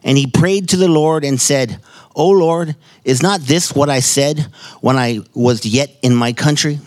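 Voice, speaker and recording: A man's voice: on the high side, a little slow, a little mellow, dry recording. American guy reading bible verses then praying, earnest, dry close sound. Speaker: church member leading scripture reading and prayer. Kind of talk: scripture reading and prayer. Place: church sanctuary.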